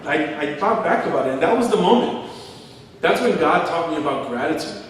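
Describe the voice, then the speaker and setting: A middle-aged man preaching a sermon, his voice pitched a little high and heard from some distance in a big echoing church hall. He tells stories with a laugh, slipping into quoted voices. The room's long reverb trails every phrase. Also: lively intonation, a little fast, a little hiss or hum. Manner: storytelling, acting out quotes, chuckling. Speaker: pastor. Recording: echoey hall from far off.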